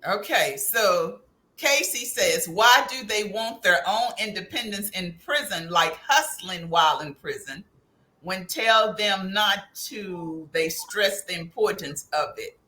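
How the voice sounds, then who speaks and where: A woman's voice: medium pitch, lively intonation, slow pace, bright, forceful tone. A woman hosting a panel, summing up what guests said and reading out viewer questions. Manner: summarizing, reads viewer questions. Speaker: host. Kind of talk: panel moderation.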